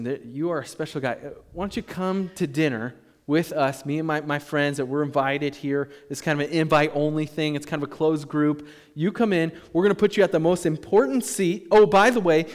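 A man preaching a sermon, reading scripture and acting out quoted voices with rising emphasis. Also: high voice. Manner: animated, acts out quoted voices, rises loud when emphatic. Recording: long hall reverb.

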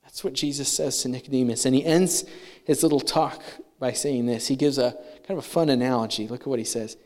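A man's voice: medium pitch, steady tone, a little fast, darkish tone. A man preaching a sermon in a conversational way, acting out the voices he quotes. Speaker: pastor.

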